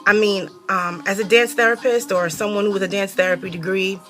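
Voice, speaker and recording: A young adult woman from New York hosting her own casual talk show, animated and sassy, cursing freely and laughing often. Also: mid-range voice, a little fast, soft background music. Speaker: host.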